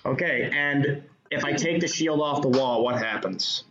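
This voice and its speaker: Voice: mid-range voice, unhurried. A player in an online tabletop game, chatting casually and joking in character. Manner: playful, jokes in character. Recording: roomy lo-fi mic under loud music.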